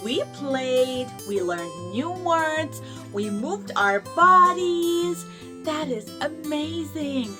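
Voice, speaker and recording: A young woman hosts a toddler learning show with a very high, lively, sing-song voice. She talks very slowly and coaxingly, stretching each word for little listeners. Music plays clearly behind her. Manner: slow, exaggerated, sing-song encouragement. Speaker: children's show host. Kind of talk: teaching toddlers through play.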